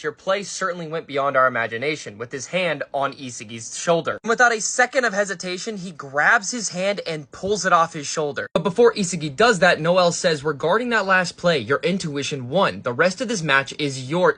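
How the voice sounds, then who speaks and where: Excitable man recapping a manga chapter. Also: high-pitched. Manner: excitable, slangy commentary. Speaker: manga reviewer. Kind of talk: casual chapter recap, reading lines aloud.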